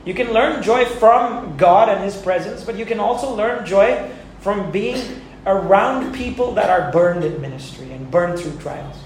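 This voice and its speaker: A man's voice: high voice, unhurried, slight background noise. A male pastor preaching a sermon in an earnest, conversational way, chuckling now and then. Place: church sanctuary. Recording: very echoey church hall.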